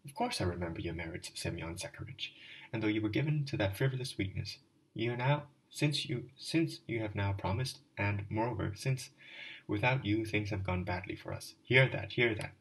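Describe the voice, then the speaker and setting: A man's voice: on the low side, normal speed, far from the mic, rough recording. Man reading a proud boastful wife. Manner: excited repeating "do you hear".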